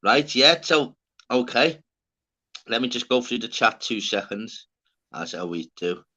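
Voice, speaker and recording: Brash, bright-voiced man. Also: medium pitch, expressive, a little slow, highs cut off. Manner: brash, swearing, says "lad" constantly. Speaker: livestream host. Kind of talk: casual chat.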